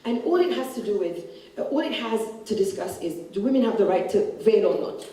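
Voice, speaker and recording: Her mid-range voice mellow and her intonation lively, a woman author briskly and bluntly discusses her book in a festival stage conversation, playing out the people she quotes. The setting is a large hall at a literature festival, heard echoey and distant.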